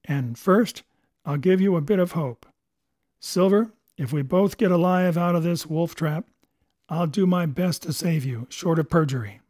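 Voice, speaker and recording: A man's voice: fairly high pitch, a little slow, darkish tone, no room sound, close to an everyday voice. A man voicing a stern but kindly older doctor who speaks earnestly and urgently in a storybook reading.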